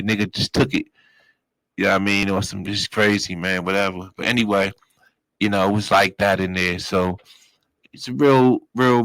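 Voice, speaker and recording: Man, storyteller, animated and profane, plays everyone in his tale, dry close mic. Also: lowish voice, no echo, rough recording. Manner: animated, acts out other people's voices, profane slang. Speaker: storyteller host. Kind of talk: casual storytelling.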